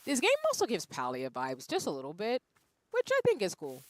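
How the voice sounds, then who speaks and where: A woman streamer giving casual gameplay commentary, quietly muttering to herself while playing. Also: on the low side, huge pitch swings, brisk, no echo.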